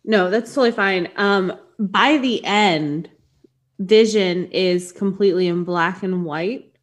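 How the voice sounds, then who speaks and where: A woman co-hosting a podcast in casual chat, talking in a chatty, excitable way and laughing easily. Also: medium pitch, slow pace. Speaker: podcast co-host.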